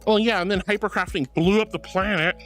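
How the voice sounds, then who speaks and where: A woman's voice: medium pitch, a little fast, a bit bright, soft background music. A woman streamer in a casual chat who reads her live chat aloud, affectionate and bubbly, calling viewers sweetie and honey.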